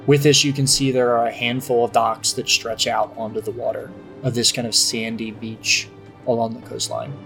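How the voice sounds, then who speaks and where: A young man runs a tabletop game, telling the scene in an easygoing, unhurried way and pausing on fillers. His voice sits at an ordinary middle pitch. Soft music plays underneath. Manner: relaxed, hesitant with fillers. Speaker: game master.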